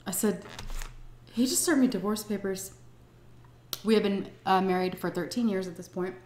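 A middle-aged woman tells a story from her own life on her home vlog, blunt and unfiltered, with swearing. Her voice sits at an ordinary pitch for a woman. It carries a roomy echo from the indoor space. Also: normal speed, darkish tone. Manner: blunt and profane, vivid retelling. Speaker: storytime vlogger. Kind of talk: casual storytelling. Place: indoors at home, eating on camera.

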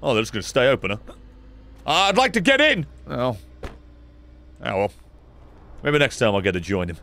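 A young man giving sarcastic, swearing commentary while playing a game, with sudden loud outbursts. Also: medium pitch, very animated, normal speed, pauses often. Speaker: gaming YouTuber. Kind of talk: let's play commentary.

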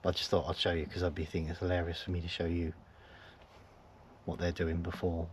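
A very low-pitched man chats in a loose, rambling way while camping in his van, now and then lowering his voice to a near-whisper. A handheld camera records him outdoors, with clear background noise all around. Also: monotone, fast talker. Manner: rambling, chuckling, sometimes hushed to avoid being overheard. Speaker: vlogger. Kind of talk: casual camping vlog chat. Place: in a van at a forest campsite, outdoors. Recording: noisy outdoor ambience.

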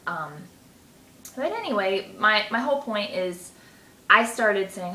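A woman's voice: medium pitch, expressive, a little slow, bright, forceful tone. A woman talking casually to camera as a self-help vlogger, telling a story in a chatty, rambling way with lots of fillers. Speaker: self-help vlogger teaching EFT tapping. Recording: roomy echo with faint noise.

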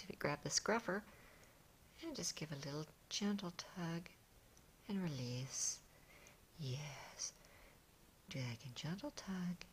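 A woman filming her cats on a smartphone at home, cooing to them in a soft, often whispered voice. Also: low voice, a little hiss or hum. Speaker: cat owner filming her pets. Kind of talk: casual pet video narration. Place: home indoors. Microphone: smartphone camera.

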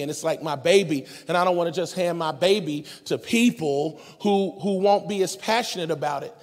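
A man's voice: high voice, big-room sound. A man preaching at a conference with comedic energy, acting out the people in his stories in a street-slang voice. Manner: animated storytelling, acting out characters in a street-slang voice. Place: large conference hall.

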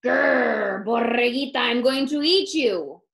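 A woman teacher voicing a hungry, gruff male coyote who growls and threatens, reading a picture book aloud. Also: fairly high pitch, takes it slowly, fairly bright tone, roomy sound, exaggerated voice. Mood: growling.

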